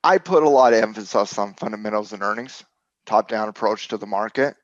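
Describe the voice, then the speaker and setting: A man co-hosting a trading show as a coach, talking casually about charts in a joking, halting way with many restarts. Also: fairly low pitch, no echo, highs cut off. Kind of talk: casual market chat.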